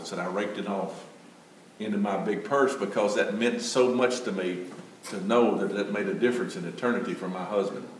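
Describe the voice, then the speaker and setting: A man's voice: lowish voice, slight background noise. An older man, telling a folksy testimony story as a church speaker. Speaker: Gideons speaker. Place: church sanctuary. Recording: echoey church from far off.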